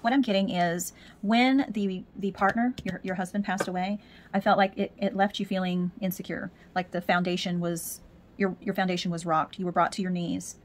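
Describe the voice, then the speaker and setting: A woman's voice: fairly low pitch, fairly even intonation, moderate pace, slight background noise. A woman giving a spiritual tarot reading, talking in a musing way and repeating words as she searches for messages. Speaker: tarot reader.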